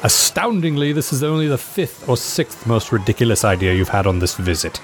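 A man's voice: medium pitch, very animated, fairly quick, over music, close to an everyday voice. A man voicing a weary, sardonic butler, dry and exasperated.

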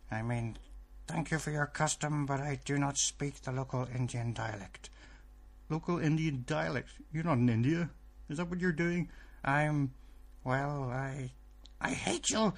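A man voicing a pompous, grandiose gentleman villain in a comic recorded skit. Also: a little high.

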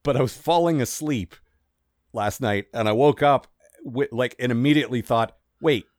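A man's voice: mid-range voice, a little mellow, no room sound, studio quality. A man co-hosting a podcast, chatting casually and rambling with frequent restarts. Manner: rambling, self-interrupting, quick bursts. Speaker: podcast co-host. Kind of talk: casual chat.

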